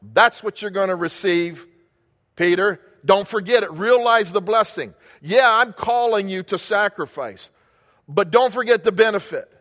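An older male pastor with a notably high voice delivers an emphatic sermon, hammering home phrases by repeating them and asking the room rhetorical questions. His words ring out with the long, lingering reverb of a large church hall. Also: measured pace, a bit bright.

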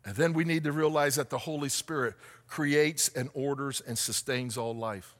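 A man preaching a sermon as pastor, asking the congregation questions and rising to shouts. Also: mid-range voice, normal speed, long reverb tail.

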